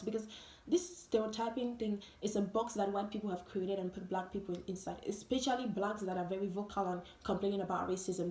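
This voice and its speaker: A woman's voice: mid-range voice, darkish tone. A woman vlogger giving an emphatic, repetitive monologue full of rhetorical questions. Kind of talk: opinion vlog monologue. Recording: roomy echo.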